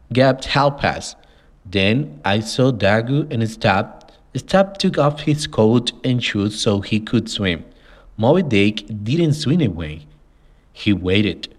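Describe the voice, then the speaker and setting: A man reading a simplified adventure story aloud as the narrator, in a slow, measured way. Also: fairly low pitch. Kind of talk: scripted audiobook narration.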